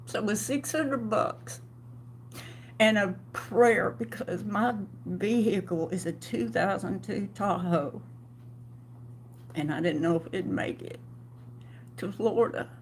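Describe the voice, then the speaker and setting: A middle-aged woman tells her story in an emotional personal vlog, halting and restarting often. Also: medium pitch, a little hiss or hum. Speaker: vlogger.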